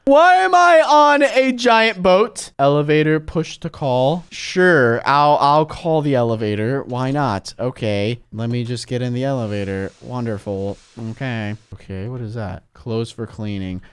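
A young man giving excitable gameplay commentary, swinging between mumbling and shouting with laughter. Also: medium pitch, clean tone. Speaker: gaming YouTuber.

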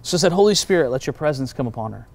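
Male pastor, mid-pitched voice, lively storyteller who acts out quoted voices, casual testimony talk. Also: racing, gravelly. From United States.

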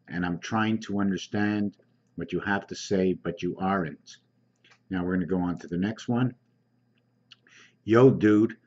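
Host type, man, lowish voice, unhurried halting reader, muffled home-recorded sound. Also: a little mellow. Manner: slow, halting reading with frequent ums. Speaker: channel host reading comments aloud. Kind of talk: casual screen-reading commentary.

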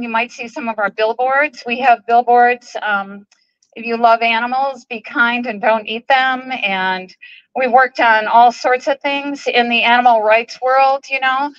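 A woman with a fairly high voice addresses a rally outdoors, emotional and halting, pausing often with ums. The sound is dry and a bit dull, like a live stream. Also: fairly bright tone, dry recording. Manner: emotional, halting, many ums, tearful at times. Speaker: animal rights group president speaking at a rally. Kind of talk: public speech at an outdoor protest. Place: outdoor protest march.

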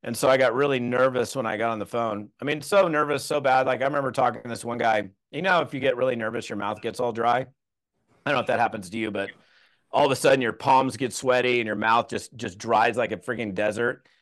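A man's voice: medium pitch, fairly even intonation, brisk, fairly bright tone. A man, around his thirties, giving a casual training talk to a group as a network marketing trainer, telling stories with lots of fillers and restarts. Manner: self-deprecating storytelling.

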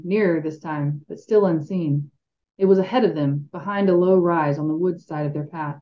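A woman's voice: fairly low pitch, dark tone. A woman reading a fantasy novel aloud expressively as a podcast co-host, with light asides. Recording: dull lo-fi sound.

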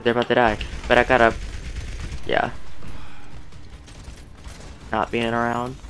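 A young man giving casual, rambling commentary on his own game, excitable and poking fun at his losses. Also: mid-range voice, a little slow, soft background music. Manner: excitable, self-deprecating, rambling. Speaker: gaming streamer.

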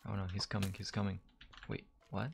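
A man's voice: lowish voice, little pitch movement, fairly quick, creaky, slight background noise. A man giving casual, chatty let's-play commentary while he games, joking at himself and swearing when startled. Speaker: gamer. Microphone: desk mic, gamer wearing headphones.

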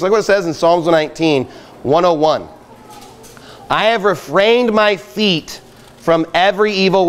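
A male pastor preaching a fiery sermon at a church camping trip, emphatic and exhorting. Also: fairly high pitch. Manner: emphatic, rising to loud exhortation. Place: outdoor campsite gathering.

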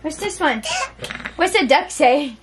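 A woman's voice: high voice, animated, measured pace, crowd noise. A mother and family vlogger talking to her toddlers in patient, coaxing baby talk, praising them at home. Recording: noisy home video audio.

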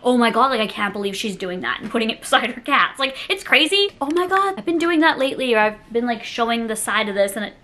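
Bright-voiced giggly young woman vlogger. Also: fairly high pitch, expressive, fast talker, few pauses. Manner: chatty, giggly, heavy use of "like". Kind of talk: casual unboxing chat.

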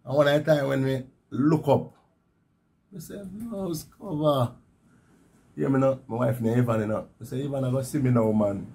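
A man's voice: medium pitch, steady tone, a little fast, vocal fry, warm tone. A man in his fifties from Jamaica with a Jamaican Patois accent, animatedly telling his own survival story and repeating words for effect. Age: 50s. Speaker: interviewee.

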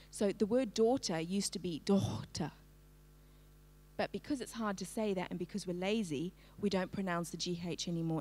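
A middle-aged woman giving a lively, engaging literacy presentation to parents, asking her audience for a show of hands. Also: on the low side. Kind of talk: live-streamed talk to parents.

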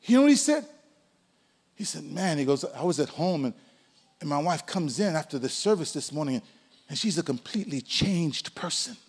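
A pastor in his sixties preaching a sermon, swinging between loud calls and hushed asides. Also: on the high side, brisk, husky, big-room sound. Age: 60s. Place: church sanctuary.

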